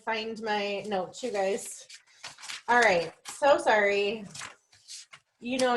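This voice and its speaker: Over a video call, a young woman gives her sales team a casual, chatty training, packed with fillers, restarts, and self-deprecating jokes. Her voice is medium-pitched, with slight background noise.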